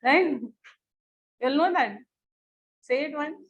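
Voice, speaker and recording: A woman with an Indian English accent teaching an online English class, repeating each phrase slowly for students to underline. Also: high-pitched, expressive. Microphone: computer or headset mic on a video call. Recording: dull lo-fi online call audio.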